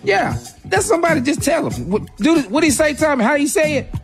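A woman's voice: high-pitched, a little fast. Woman co-host, casual radio banter, laughs a lot, music bed. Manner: joking, animated, laughs often. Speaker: co-host giving advice.

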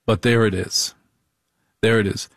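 A middle-aged man giving a comic monologue in a deliberate, repetitive, wry way. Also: lowish voice, fairly even intonation, gravelly, no room sound, clean studio sound.

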